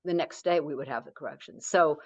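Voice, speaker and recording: A woman author chatting in an interview, warmly praising with frequent restarts. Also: sits low, fairly quick, no echo. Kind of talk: casual interview chat. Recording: slightly dull lo-fi sound.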